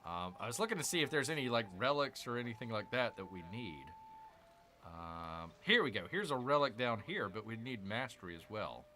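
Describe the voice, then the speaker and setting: A man's voice: mid-range voice, big pitch swings, fairly quick, sharp tone. A man hosting a gaming channel, chatting casually through a strategy game, repeating himself and calling viewers "people". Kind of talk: casual let's-play commentary.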